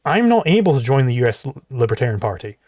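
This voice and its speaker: A man's voice: mid-range voice, very animated, fast talker, a little mellow, dry recording. A man hosting a livestream reaction, ranting in a heated, profane and rhetorical way. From outside the US. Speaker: livestream host reacting to a clip.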